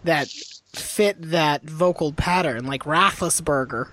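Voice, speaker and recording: A podcast co-host in casual chat, throwing in quick jokey interjections. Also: medium pitch, expressive, dry recording.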